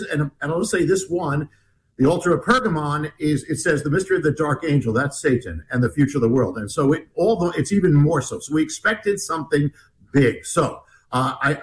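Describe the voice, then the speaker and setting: A man telling a story in an interview, animated and rambling, with many restarts. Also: a little high, slight background noise, poor audio. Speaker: guest author.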